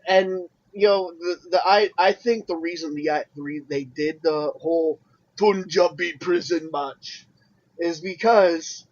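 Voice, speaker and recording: Slow high-voiced podcast man. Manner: hesitant, repeats words. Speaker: podcast co-host. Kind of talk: casual chat. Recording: dull lo-fi sound.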